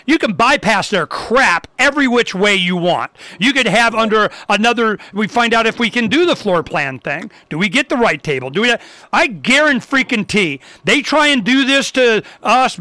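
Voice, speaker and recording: High bright fired-up male talk host. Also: no room sound. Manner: fired-up and emphatic, with sudden loud bursts; loose and rambling, with restarts. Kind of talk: ranting talk show monologue.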